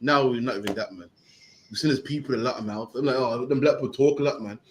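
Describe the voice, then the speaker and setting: Fast-talking slangy preacher man. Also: medium pitch, slight background noise, rough recording. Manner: slangy, emphatic, ends phrases with "man". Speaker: street preacher teaching. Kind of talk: animated teaching with questions.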